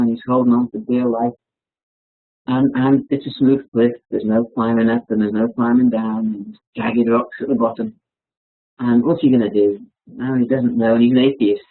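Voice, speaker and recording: A man giving a casual, reflective webinar talk, halting and often repeating words, over a tinny phone-like line. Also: medium pitch, husky. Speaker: webinar speaker.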